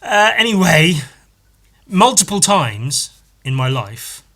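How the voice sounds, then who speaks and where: A man with a bright, forward voice talks through a casual solo podcast episode. He rambles, stops to correct himself and restarts his sentences. He drops swear words freely into everyday chat. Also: high voice, sing-song, slow. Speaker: podcast host.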